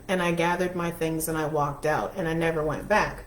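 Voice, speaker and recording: A woman's voice: on the low side, fairly even intonation, a little fast, hardly any pauses. A woman coach telling a personal story in a frank, emphatic motivational talk. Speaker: life and money coach. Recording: roomy echo with faint noise.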